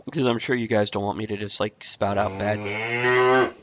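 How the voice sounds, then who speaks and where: A man's voice: on the low side, fairly even intonation, moderate pace, crowd noise. A man hosting a casual online talk show, chatty and teasing, often laughing. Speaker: podcast host. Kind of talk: casual chat.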